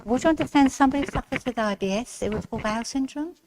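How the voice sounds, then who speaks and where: A woman's voice: sits high, fast. A woman giving a chatty mediumship demonstration in a village hall, speaking straight to one member of the audience. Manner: chatty, speaks straight to the recipient, relays messages. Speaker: spiritualist medium. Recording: loud background noise in a hall.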